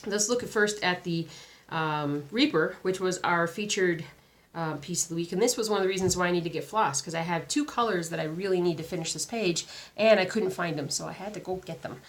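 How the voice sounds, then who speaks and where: A woman's voice: lowish voice, a little fast. A woman with a sore throat and a weak voice, chatting casually and rambling with lots of fillers as a craft vlogger. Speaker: cross stitch vlogger. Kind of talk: casual chat.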